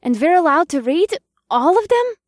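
Male narrator voicing an eager young witch, high and breathless. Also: very animated, normal speed, no room sound, clean studio sound. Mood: amazed. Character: bubbly excitable young witch woman.

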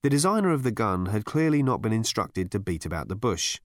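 Guy reading a story aloud, wry and dry, mid pitch but lots of movement, dead dry room. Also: very animated, fairly quick, no echo. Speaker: audiobook narrator. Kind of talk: scripted narration.

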